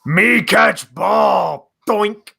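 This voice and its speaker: A man voicing a dim, musclebound male ballplayer who talks in shouted caveman grunts. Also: high voice, extremely slow, vocal fry, breathy edge, pitched above the performer's own voice, heavily acted. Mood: roaring.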